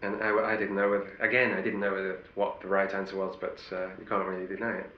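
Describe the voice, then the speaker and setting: A man's voice: low-pitched, monotone, quick pace, roomy sound, dull audio. A middle-aged male actor telling wry anecdotes in an interview, often restarting his sentences. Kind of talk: interview storytelling.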